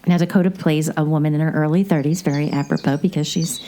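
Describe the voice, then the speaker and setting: A woman with a low, mellow voice chats casually as a podcast host. She rambles through a story with plenty of asides. Faint noise sits under her voice. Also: fairly even intonation, quick pace. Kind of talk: casual movie recap chat.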